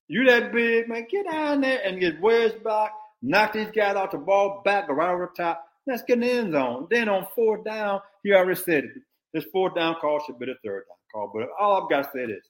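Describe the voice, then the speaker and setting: An older man, a former football coach, giving blunt, animated opinions in casual sports talk. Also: high-pitched.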